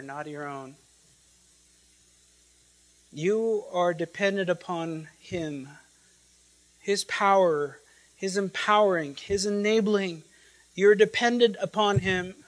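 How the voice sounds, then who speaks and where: In a low-quality recording, a high-sitting male voice delivers an expository sermon. He repeats himself emphatically, moves from loud proclamations to quiet lines, and stretches out scripture quotations and Greek words.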